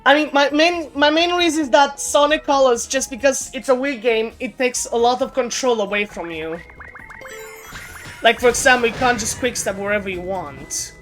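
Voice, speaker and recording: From her home streaming setup, a woman with a slightly high voice chats casually at normal speed during her game stream, laughing as she talks freely. She often stumbles over her words and restarts sentences while faint game music plays underneath.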